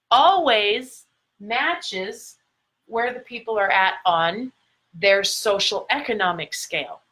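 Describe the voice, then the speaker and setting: A woman's voice: mid-range voice, bright, forceful tone, rough recording. A middle-aged woman coaching her viewers in a motivational talk, stretching out key words for emphasis and recording herself for a live video. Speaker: life coach. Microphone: phone or camera mic, recording a live video.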